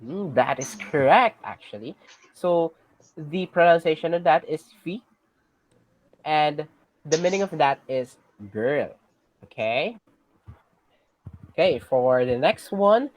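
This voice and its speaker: Slow-talking teacher, filipino accent, keeps asking okay?, lots of ums. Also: medium pitch, poor audio. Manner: patient, checks in with "okay?" often; hesitant, many fillers and restarts. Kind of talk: online class lesson.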